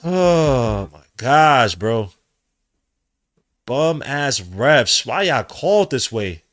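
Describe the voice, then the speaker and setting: Excitable New man calling a game. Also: mid-range voice, extremely slow, faint music behind. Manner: swings from muttered play-by-play to loud outbursts, slangy. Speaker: podcast host. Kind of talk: excited live watch-along commentary.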